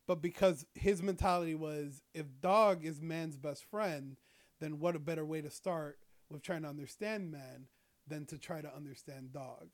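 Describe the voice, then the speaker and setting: A man's voice: fairly high pitch, normal speed. Rambling young man swearing casually. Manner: rambling, profane, lots of fillers. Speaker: storyteller. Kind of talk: casual chat.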